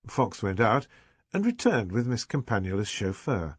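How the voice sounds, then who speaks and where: Male narrator, animated delivery, dry booth sound, scripted audiobook read. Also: fairly low pitch, moderate pace, breathy edge, no echo.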